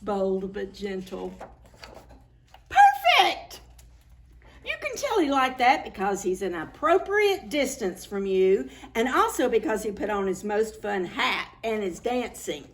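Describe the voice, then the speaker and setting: A children's librarian reads an interactive picture book to preschoolers, coaxing them along. Her fairly high voice swoops up and down with animation, and she takes her time over every line.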